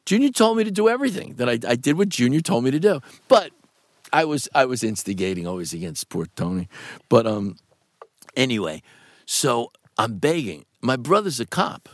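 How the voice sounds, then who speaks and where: Animated male guest, wide-ranging pitch, dry close sound, rambling and profane. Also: normal speed, no room sound. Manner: animated, rambling, swears, laughs often. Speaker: actor guest. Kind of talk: interview storytelling.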